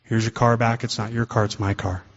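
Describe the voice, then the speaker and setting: A man voicing God as a calm, fatherly male deity in a told story. He speaks slowly and steadily in a reassuring way, on a dull lo-fi recording with hall reverb. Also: mid-range voice, close to an everyday voice.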